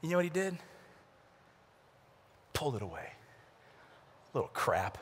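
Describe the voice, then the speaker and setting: A man giving a humorous youth conference talk, telling stories and acting out voices with sudden shouts and whispers. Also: a little high, unhurried, slight background noise. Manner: animated storytelling, acts out voices with shouts and whispers. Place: large conference arena. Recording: large hall with long reverb.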